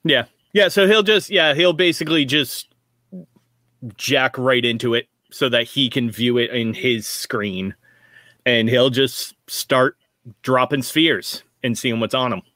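Bright, sharp-toned man as a tabletop player, casual and musing, dry sound. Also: mid-range voice, unhurried, dry recording. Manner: casual, thinking out loud. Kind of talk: tabletop game play.

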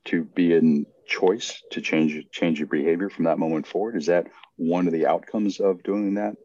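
A man hosting a podcast, asking relaxed questions and giving affirming replies. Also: low-pitched, normal speed, no room sound, lo-fi sound. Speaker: podcast host. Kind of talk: casual interview questions.

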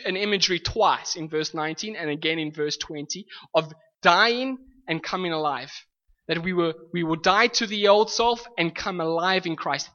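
A man preaches a sermon earnestly in a high, pushed, bright voice, restating his points and coaxing the congregation to answer back. The lo-fi recording has a long hall reverb.

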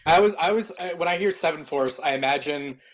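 A man's voice: on the high side, brisk. A man co-hosting a podcast in casual chat, riffing with sarcastic jokes. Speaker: podcast co-host.

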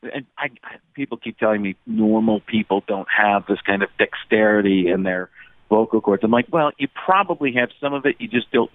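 A man's voice: lowish voice, brisk, no echo. Man on a tinny phone line. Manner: animated, jumps into voices and impressions. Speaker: guest impressionist. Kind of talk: casual phone-in chat.

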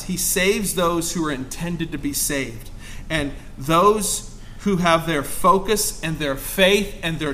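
A man's voice: a little high, a bit bright, slight background noise. A man preaching a fervent sermon as pastor to his congregation, rising to emphatic exclamations.

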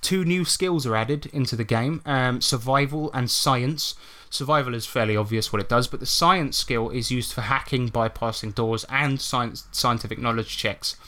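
A man's voice: mid-range voice, normal speed, hardly any pauses, sharp tone. A man co-hosting a podcast in a casual chat, explaining tabletop game rules step by step and swearing freely.

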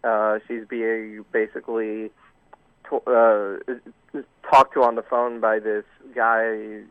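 A man on a call-in line tells his story in a rambling, halting way, circling back with restarts and fillers. His voice comes through a narrow, tinny phone line. The sound is dry and close. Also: fairly low pitch, level tone, dry recording. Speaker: caller.

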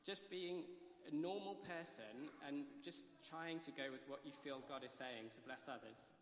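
A man giving a casual testimony in church, hesitant with many pauses and restarts. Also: a little high, fairly bright tone, slight background noise. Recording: echoey hall, live church mic.

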